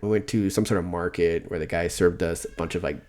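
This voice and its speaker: A man's voice: low-pitched, fairly even intonation, fairly quick, a little mellow. A man co-hosting a casual podcast chat, rambling and stammering a lot, often mocking himself. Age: adult, older than before. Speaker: podcast co-host.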